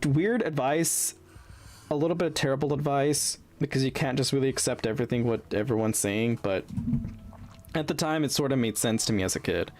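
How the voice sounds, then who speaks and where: A young man streaming, telling a bitter story in a rambling, heavily profane way, full of fillers and restarts. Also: fairly low pitch. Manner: bitter, venting. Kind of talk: casual storytelling on a livestream.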